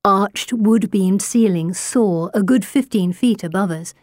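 Female audiobook narrator, warm low-ish voice, steady and wry, dry booth sound. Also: unhurried, dry recording. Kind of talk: first-person audiobook narration.

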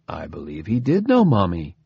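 A man voicing a calm, dryly mocking scientist father in an audiobook. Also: deep voice, normal speed, no room sound, muffled recording, voice pushed down, exaggerated voice. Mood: gentle, explaining. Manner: dry, smooth, faintly mocking.

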